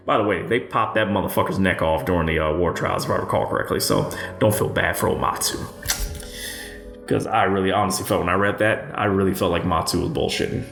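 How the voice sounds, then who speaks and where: Casual male history narrator, low voice, sarcastic and foul-mouthed, roomy echo. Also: fairly even intonation, fairly quick, vocal fry, a bit bright. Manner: profane, sardonic asides. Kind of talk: casual history narration with crude dark humor. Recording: roomy echo with faint music.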